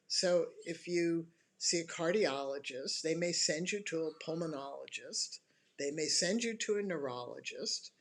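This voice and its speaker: A health educator speaks slowly and calmly, letting the pitch rise and fall freely. The talk moves point by point, with deliberate pauses to let each idea land. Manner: calm, deliberate, explains point by point; slow, emphatic pauses between phrases. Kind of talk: instructional talk to an online audience.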